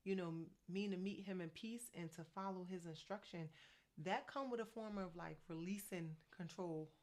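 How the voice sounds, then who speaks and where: Jersey woman in her 40s, coaching vlog, talks quick and fired up, kinda low voice. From New Jersey. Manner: fast, excited, conversational. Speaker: faith and fitness coach. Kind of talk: energetic motivational vlog.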